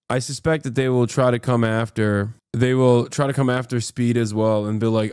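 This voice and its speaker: A man's voice: medium pitch, fairly even intonation, normal speed, hardly any pauses, a little mellow, clear, resonant tone, no echo, clean studio sound. An American man live-streaming, reacting to posts and chat in a profane, combative, mocking rant. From United States.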